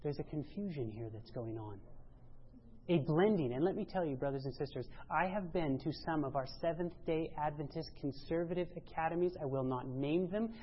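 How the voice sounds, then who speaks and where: A woman giving a sermon-style church presentation, emphatic, rising to loud exclamations and dropping low. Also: normal speed, a little hiss or hum. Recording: dull lo-fi sound.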